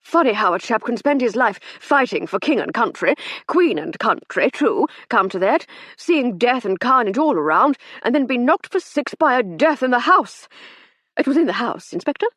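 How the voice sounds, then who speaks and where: A pompous upper-class army captain, put on by a woman narrating a storybook, bluff and breezy, with a husky, lively voice that climbs high. He drawls and blusters in a dry, close sound. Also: normal speed, no room sound, heavily acted. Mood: shaken.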